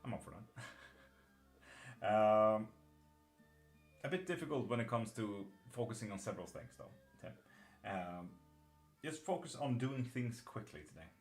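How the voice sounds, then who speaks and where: A man's voice: on the low side, animated, measured pace, long pauses, soft background music. A man with a patchy mixed Irish-British accent, chatting casually on a live tarot stream, swearing offhand and laughing as he reads out viewers' messages. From Sweden. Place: home streaming setup in England.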